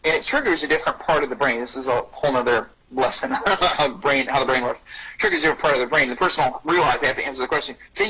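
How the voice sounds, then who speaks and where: A man giving an energetic parenting talk on bullying who acts out short dialogues in a raised voice. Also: quick pace, husky, poor audio. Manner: energetic, acts out little dialogues with rising pitch. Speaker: anti-bullying speaker and parenting coach.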